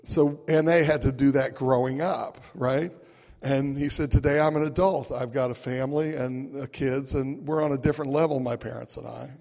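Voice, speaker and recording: A man relates a funny recovery story to a meeting, chuckling wryly and keeping it conversational with frequent "right?" asides. His medium-pitched voice is steady, gravelly and slightly mellow, at a normal speed. A long hall reverb echoes through the recording.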